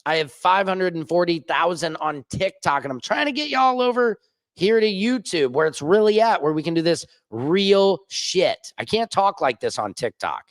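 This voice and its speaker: A man who hosts his own news vlog, ranting casually and fast from a rooftop with lots of restarts and asides. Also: sits high, expressive, no room sound. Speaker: independent journalist and vlog host. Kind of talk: casual on-camera rant.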